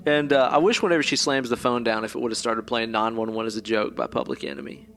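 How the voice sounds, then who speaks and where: A man's voice: medium pitch, steady tone, quick pace, fairly bright tone, slight background noise. A man co-hosting a podcast, recapping a movie in rambling casual chat, swearing freely and filling with "like" and "kinda". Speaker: podcast co-host.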